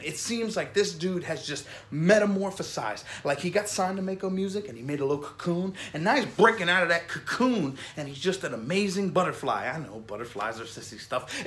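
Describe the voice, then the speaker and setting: A man from Florida with a high voice hosts a casual music reaction show. He rambles with eager energy, circling back to the same points. He keeps throwing in "man" and "you know what I'm saying" as he talks. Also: a bit bright. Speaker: music reaction vlog host. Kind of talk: casual enthusiastic commentary.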